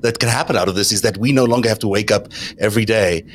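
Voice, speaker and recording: A male host moderates a political panel, talking fast in a low voice. His sentences wander and restart as he leads the discussion. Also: slight background noise. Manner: rambling, with fillers and restarts.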